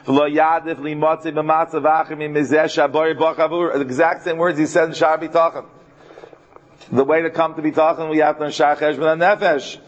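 A man's voice: a little high, flat delivery, dull audio. Earnest man teaching a Torah class. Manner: earnest, mixes Hebrew terms into English; slows right down to stress key verses.

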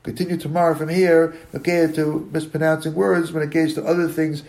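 A man teaching a daily Talmud class. He talks in a halting way, circles back to rephrase, and slowly sounds out words to show how they should be pronounced. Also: fairly high pitch, level tone, creaky, a little mellow.

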